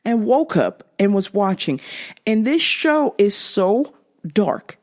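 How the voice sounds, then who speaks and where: A young woman hosts her own podcast, delivering a casual, comic rant in a mid-range voice that's very animated yet slow-paced. She swears freely and often breaks into laughter.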